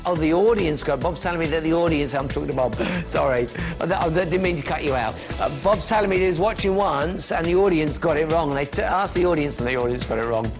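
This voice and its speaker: A man's voice: a little high, fast talker, hardly any pauses. A man presenting a live shopping channel, chatting and counting down prices. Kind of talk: live TV sales pitch. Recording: dull lo-fi broadcast sound with music behind.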